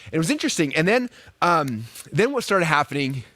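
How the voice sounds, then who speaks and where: A man teaching online marketing to a live group, acting out quoted voices in a high excited pitch. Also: a little fast, no room sound. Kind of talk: energetic teaching talk.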